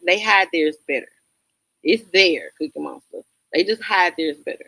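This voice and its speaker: Gravelly, lively Southern woman streamer. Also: on the low side, moderate pace, no echo. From Southern United States. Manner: blunt, talks straight to chatters, laughs often. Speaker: livestream host reading chat. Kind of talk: casual livestream commentary.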